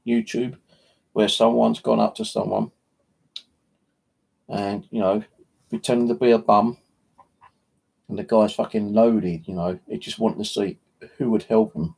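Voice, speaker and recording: Gravelly, husky man rambling. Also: fairly low pitch, fairly even intonation, a little slow, long pauses, darkish tone. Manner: rambling, sweary, heavy "you know" filler. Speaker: paranormal channel host. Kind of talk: casual livestream chat.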